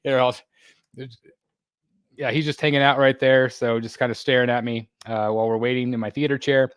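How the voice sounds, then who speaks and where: A man's mid-range voice comes across steady, clear and resonant, with no echo and studio-quality sound. As a livestream host in a home room still under construction, he reads out viewer comments casually, full of fillers, restarts and small laughs in a halting manner.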